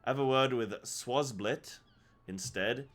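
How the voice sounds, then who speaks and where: A man voicing a gruff, brash old male tavern keeper, reading game dialogue aloud in a rough seafaring dialect. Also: medium pitch, slow pace, fairly bright tone. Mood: hearty. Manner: reads quest text aloud in a put-on rough seafaring dialect.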